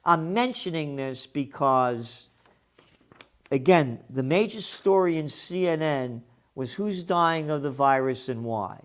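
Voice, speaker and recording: A man's voice: on the high side, lively intonation, slow pace. Combative, profane man ranting commentary. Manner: combative and profane, with mocking asides; emphatic, repeating words as he builds a point. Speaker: trends forecaster and magazine publisher.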